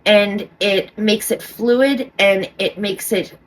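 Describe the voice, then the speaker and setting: A woman's voice: medium pitch, takes it slowly. A middle-aged woman talking casually to camera as a vlogger, rambling with restarts and often checking in with "okay?".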